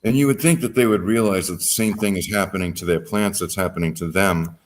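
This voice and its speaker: Male host, very low voice, earnest and reflective in casual chat. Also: brisk. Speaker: podcast host. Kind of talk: casual conversation.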